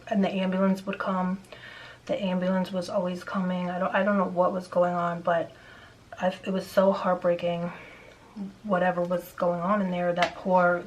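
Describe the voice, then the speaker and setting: A woman's voice: lowish voice, a little hiss or hum, poor audio. A woman vlogger telling a neighbor story in casual, rambling chat, venting with frequent restarts.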